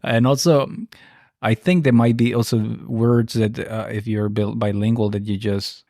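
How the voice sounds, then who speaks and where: A man's voice: lowish voice, moderate pace, dry recording, clean studio sound. A man hosting a podcast, chatting casually and reacting with short interjections. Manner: relaxed, laughs often, short interjections. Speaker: podcast host.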